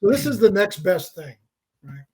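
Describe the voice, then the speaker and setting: Middle-aged guy telling a story on a podcast, animated, repeats himself, high-ish voice. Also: normal speed. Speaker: podcast guest. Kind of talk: casual storytelling.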